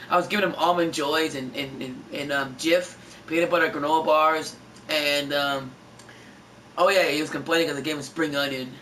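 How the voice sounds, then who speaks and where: A man's voice: a little high, steady tone, normal speed, bright, forceful tone. A man streaming a game, chatting casually and telling stories in a rambling, stumbling way with many restarts. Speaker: gameplay streamer. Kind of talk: casual chat while gaming. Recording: distant mic with background noise.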